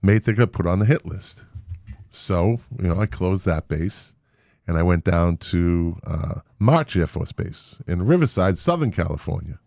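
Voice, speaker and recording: A middle-aged man hosts a relaxed podcast chat. His voice sits somewhat low and the sound is dry and close, with no room around it. He talks in a loose, joking way and laughs easily. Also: measured pace, creaky, no echo. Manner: jokey, chatty, laughs often. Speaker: podcast host. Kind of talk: casual interview chat.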